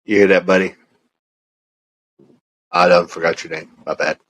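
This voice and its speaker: A man's voice: low-pitched, steady tone, moderate pace, fairly bright tone, rough recording. A man, co-hosting a podcast in casual, rambling chat. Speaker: podcast co-host.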